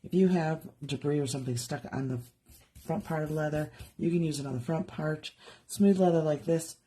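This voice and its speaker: A woman with a low, husky voice leads a live craft demonstration from her home studio. She chats casually and thinks aloud while she works, and her tone stays mellow throughout. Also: moderate pace. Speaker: jewelry artist demonstrating live.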